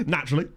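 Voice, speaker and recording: A man's voice: extremely high pitch, sharp tone, slight background noise. A man with a chatty, jokey manner, live-streaming a management game and reading out stats while talking to chat.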